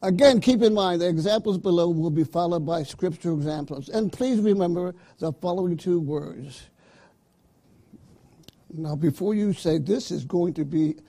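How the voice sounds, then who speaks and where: A man preaching a sermon, slow and emphatic, calling out to his listeners. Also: on the high side, gravelly, warm tone, breathy edge. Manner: slow, emphatic preaching with call-outs to the congregation.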